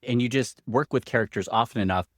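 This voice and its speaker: A man's voice: medium pitch, quick pace, dry recording, clean studio sound. A man hosting a podcast interview, reacting with enthusiasm and praise. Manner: enthusiastic, complimentary. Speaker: podcast host.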